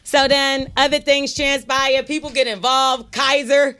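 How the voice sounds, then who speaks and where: A woman's voice: high-pitched, flat delivery, a little slow, sharp tone. A woman co-hosting a podcast, telling a story in a brash, profane, laughing way. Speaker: podcast co-host. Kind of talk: casual storytelling chat.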